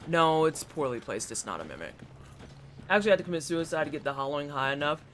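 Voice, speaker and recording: A man's voice: fairly high pitch, lively intonation, fast talker, fairly bright tone. Chatty streamer man over noisy background. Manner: chatty, reacts aloud and talks to chat. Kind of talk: casual gameplay commentary. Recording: clear background noise.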